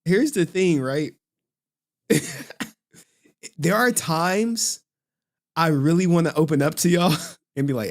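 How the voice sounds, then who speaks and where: A man's voice: fairly high pitch, slow, pauses often. A man live-streaming, chatting loosely with his viewers in slangy talk and laughing often. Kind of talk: casual live-stream chat.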